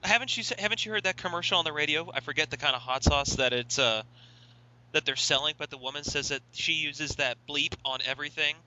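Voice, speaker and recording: A man's voice: a little high, fast talker, pushed and bright, dull audio. A man hosting a radio talk show, teasing his co-host and then wrapping up in a formal broadcast tone. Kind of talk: casual radio banter.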